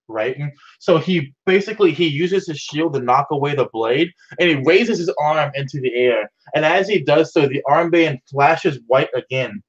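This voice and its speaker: Male player, enthusiastic scene-setter, muffled lo-fi recording. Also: a little high. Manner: vivid, enthusiastic scene-setting. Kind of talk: describing his character's actions in a tabletop game.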